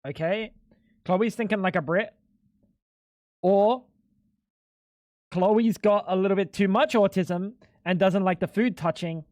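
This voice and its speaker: Speaking at a moderate pace with a darkish tone, a young streamer banters casually with his chat and curses without restraint. When confused, he jumps to squeaky, disbelieving highs; the audio is dry and studio quality.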